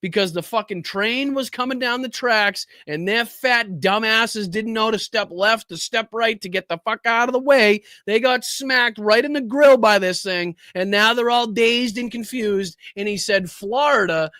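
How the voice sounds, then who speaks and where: A man's voice: high-pitched, normal speed, few pauses, sharp tone, dry recording, studio quality. A man with a Boston accent hosting a podcast, mocking news clips with lots of swearing and laughter. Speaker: podcast host. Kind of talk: profane political commentary over clips.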